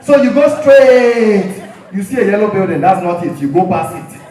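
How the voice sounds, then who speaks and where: A Nigerian-accented man playing an overexcited African man who gives long, rambling directions while shouting and laughing. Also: high-pitched, animated. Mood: excited. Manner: shouting, laughing, drawn-out words. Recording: very echoey hall from far off.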